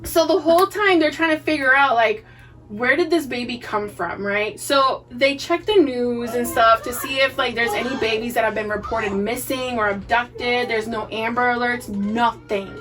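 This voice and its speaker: Woman, Boston accent, high voice, profane, casual podcast co-host, distant poor mic. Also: normal speed, faint music behind. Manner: profane, animated, acts out characters' lines. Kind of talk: casual chat recapping a TV series.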